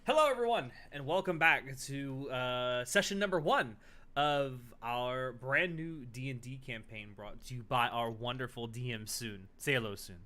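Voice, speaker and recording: A man's voice: medium pitch, normal speed, bright, forceful tone. A man hosting a live tabletop game stream, upbeat and chatty with frequent fillers. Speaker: host. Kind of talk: casual stream intro.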